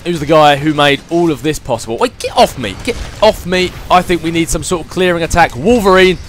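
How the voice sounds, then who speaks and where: A man hosts a gaming channel and talks through a let's play, chatty and excitable. His voice sits a little above the usual male range as he thinks aloud about the game. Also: fairly high pitch, fairly quick, a little hiss or hum.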